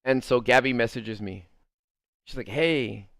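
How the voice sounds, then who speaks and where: A man's voice: medium pitch, expressive, moderate pace, fairly bright tone, clear, resonant tone, dry recording, clean studio sound. A young man telling a rambling story in casual chat, full of fillers and swearing, laughing at the funny parts. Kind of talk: casual storytelling over gameplay.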